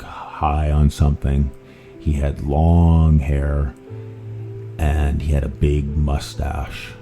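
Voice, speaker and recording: Very deep gravelly man telling stories. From Canada. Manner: rambling, animated retelling with self-corrections. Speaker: podcast host. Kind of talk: casual true-crime storytelling. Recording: faint guitar music underneath.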